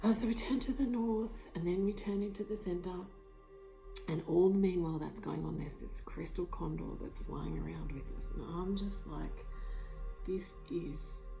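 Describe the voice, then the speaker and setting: A woman vlogger telling an emotional personal story, excited and swearing, full of fillers and whispered asides, recorded on a tablet. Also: fairly low pitch, normal speed, vocal fry. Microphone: tablet mic. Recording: lo-fi tablet recording, faint music behind.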